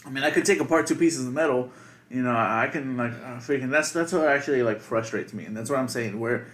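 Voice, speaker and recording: A young man co-hosting a casual podcast, talking in a loose, profane and animated way. His pitch sits in the middle range for a man. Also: fast talker. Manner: crude, animated storytelling full of profanity. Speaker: podcast co-host. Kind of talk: casual chat.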